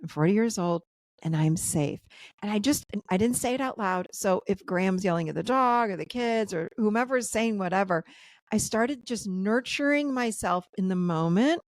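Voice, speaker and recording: A woman's voice: mid-range voice, moderate pace, dry recording. A woman in her fifties, a guest therapist and coach, telling personal stories in a podcast interview over a video call, acting out the voices of the people in them.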